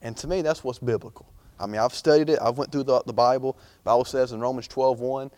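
A man's voice: medium pitch, fairly even intonation, fast talker, darkish tone, no echo. A young man preaching an informal sermon in a chatty, rambling way, full of fillers and restarts.

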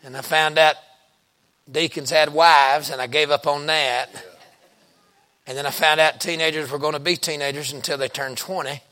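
A middle-aged preacher man tells stories from the pulpit in a slightly raised voice. He talks in a folksy, down-home way and punches certain words loudly for emphasis. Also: fairly high pitch, fairly even intonation, normal speed. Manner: folksy, colloquial storytelling with bursts of loud emphasis. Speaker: pastor. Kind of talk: storytelling sermon.

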